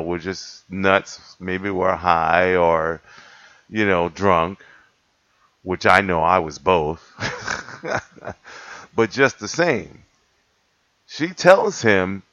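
Slow-talking man with a low, dull-sounding voice. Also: fairly bright tone, no room sound. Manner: rambling, self-correcting, laughs between points. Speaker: cat rescuer telling a story. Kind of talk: casual storytelling to camera. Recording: dull lo-fi dry recording.

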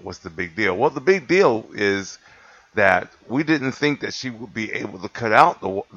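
A man's voice: lowish voice, a bit bright, dry recording. A man telling a long story in a casual, rambling way, correcting himself often and laughing between points. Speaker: cat rescuer telling a story. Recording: dull lo-fi dry recording.

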